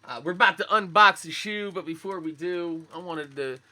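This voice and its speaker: A young man, talking laid-back and profane in sneaker-head slang. His voice is high for a man and very bright and sharp, with a groggy morning roughness. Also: moderate pace. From Philadelphia, USA. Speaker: sneaker vlogger. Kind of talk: casual chat to live viewers.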